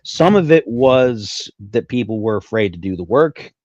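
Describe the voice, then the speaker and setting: A man talking on a podcast in a dry, deadpan and sarcastic way. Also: mid-range voice, normal speed, no room sound, lo-fi sound. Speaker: podcast co-host. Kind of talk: casual chat.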